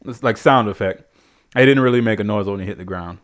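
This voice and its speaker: A man's voice: on the low side, fast. A man reviewing a wrestling show in a blunt, exasperated rant full of swearing. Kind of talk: profane ranting review.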